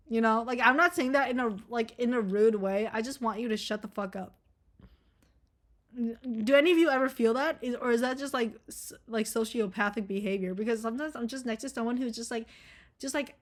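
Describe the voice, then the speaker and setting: A woman's voice: a little high, fast talker. Blunt, rambling young woman vlogger. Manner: blunt, profane, rambling with many fillers. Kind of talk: casual rambling monologue.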